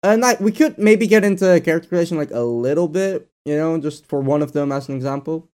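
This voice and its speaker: A man with a fairly high voice chats as a player in a tabletop game. He jokes, gets excited quickly, and swears casually as he talks with the group. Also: clean tone.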